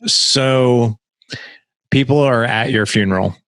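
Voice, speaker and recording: A man's voice: medium pitch, takes it slowly, fairly bright tone, no room sound. A man hosting a podcast, asking questions in a friendly, encouraging interviewer manner. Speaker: podcast host.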